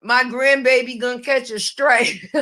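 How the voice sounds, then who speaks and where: A woman's voice: a little high, sharp tone. A middle-aged woman giving casual live-stream commentary, brash and profane, laughing often at her own jokes.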